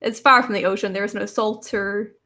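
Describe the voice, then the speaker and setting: A woman's voice: mid-range voice, fairly even intonation, brisk, sharp tone, natural voice. A woman voicing a formal, courteous young wanderer from the misty woods. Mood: wondering.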